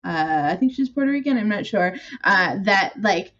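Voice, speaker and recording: A woman's voice: medium pitch, expressive, normal speed, fairly bright tone. A woman co-hosting a podcast, chatting casually in a thoughtful, reflective way. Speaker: podcast co-host. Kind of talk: casual chat. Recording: dull lo-fi mic.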